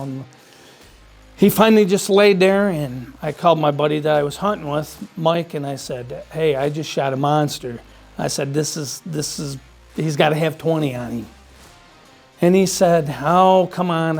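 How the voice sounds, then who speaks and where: Man, gravelly voice, slightly high, casual folksy storytelling, faint music behind. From Michigan. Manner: plainspoken, folksy, repeats himself. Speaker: hunter telling his story.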